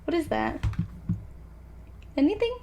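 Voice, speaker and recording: A woman's voice: very high voice, expressive, slow, mellow. A woman hosting a let's play, reading a story game aloud with giggly, chatty comments. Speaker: gaming channel host.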